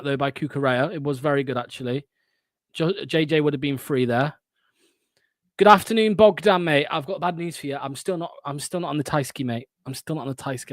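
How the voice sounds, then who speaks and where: Fan host, young man, higher voice, dry close sound, sarcastic running match commentary. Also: no room sound. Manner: sarcastic, blunt and swearing, bursts of frustration. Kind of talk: live play-by-play fan commentary.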